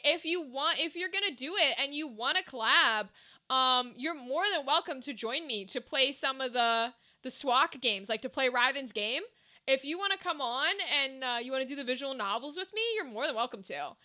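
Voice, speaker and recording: Bright, high-voiced chatty young woman. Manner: chatty and rambling, hums and sings to herself. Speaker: streamer. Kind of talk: casual live-stream chat.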